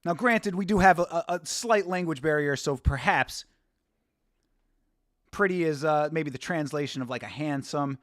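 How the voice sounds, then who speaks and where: At a moderate pace and in a fairly high, somewhat bright voice, a man runs a live watch-along stream. Casual and rambling, he laughs while reading chat aloud, and the clean studio audio has no room sound.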